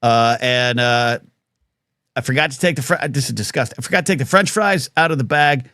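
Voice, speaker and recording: A man's voice: mid-range voice, fairly quick, bright, forceful tone, no echo, studio quality. A man hosting a live talk show, telling a rambling story full of fillers and restarts.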